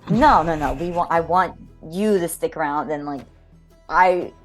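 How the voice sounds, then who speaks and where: A woman's voice: deep voice, measured pace, soft background music. A woman playing a tabletop game, talking in a hesitant, apologetic, giggly way. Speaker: player. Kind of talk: casual tabletop play.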